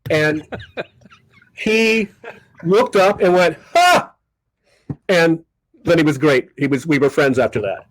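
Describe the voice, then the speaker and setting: An older man sits in for a podcast chat as a guest comedy magician, spinning animated anecdotes and slipping into voices for the people he quotes. His voice sits a bit high for a man, and the sound is dry and close with no room around it. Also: a little slow, long pauses, no echo, poor audio. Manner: animated raconteur who acts out quoted people. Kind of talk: casual storytelling interview.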